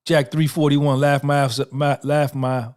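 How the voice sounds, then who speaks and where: His voice is on the high side and darkish in tone, with little pitch movement and an unhurried delivery. This man in his fifties hosts a livestream, replying to chat in a boastful, profane, street-smart manner.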